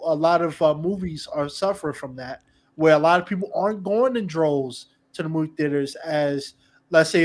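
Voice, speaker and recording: A man with a slightly raised speaking voice hosts a casual podcast conversation. He talks animatedly, jumping back into his sentences with repeated starts. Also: on the high side. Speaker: podcast host. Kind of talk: casual interview chat.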